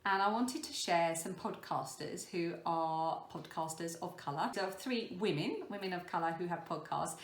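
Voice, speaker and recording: A woman's voice: on the low side, normal speed, few pauses. A woman hosting a crafting podcast, talking casually and rambling, with many ums and self-deprecating asides. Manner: self-deprecating, laughs at herself. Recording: roomy echo.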